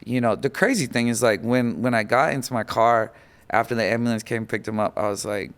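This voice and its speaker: A man guest on a podcast, telling an emotional personal story in an animated way, full of fillers, acting out quoted voices. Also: medium pitch, brisk, clean tone.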